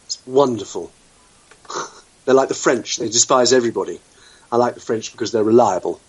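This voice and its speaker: Husky, wry British talk-radio host. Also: male voice, medium pitch, moderate pace, rough recording. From United Kingdom. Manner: wry, sweeping and blunt, with casual swearing. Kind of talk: opinionated talk-radio chat.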